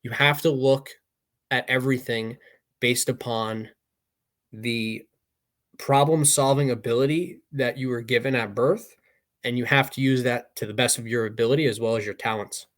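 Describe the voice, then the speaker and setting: A man's voice: mid-range voice, steady tone, moderate pace. A young adult man co-hosting a podcast, giving loose motivational talk full of fillers. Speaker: podcast co-host.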